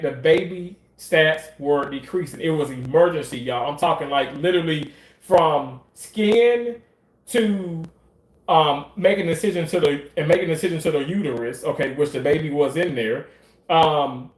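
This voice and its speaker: A man's voice: on the high side, roomy sound. A man telling a story in a casual, emphatic way, swearing often and repeating phrases for effect. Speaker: commentator.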